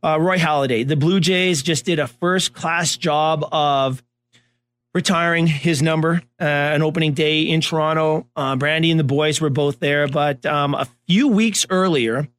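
A man co-hosting a casual talk show, telling animated stories and acting out the voices of the people in them. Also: fairly high pitch, unhurried. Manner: animated storyteller, acts out voices. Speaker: co-host, former baseball coach. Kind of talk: storytelling in casual chat.

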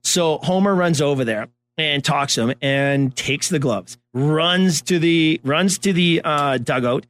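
A man co-hosting a casual talk show, telling animated stories and acting out the voices of the people in them. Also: a little high, measured pace, hardly any pauses, dry recording. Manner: animated storyteller, acts out voices. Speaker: co-host, former baseball coach. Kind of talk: storytelling in casual chat.

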